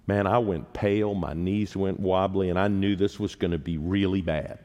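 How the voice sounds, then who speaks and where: A preacher in his sixties gives a sermon in a church sanctuary, telling personal stories with humor and poking fun at himself. His voice is low and dark at a measured pace, and the recording has the long reverb of a large hall.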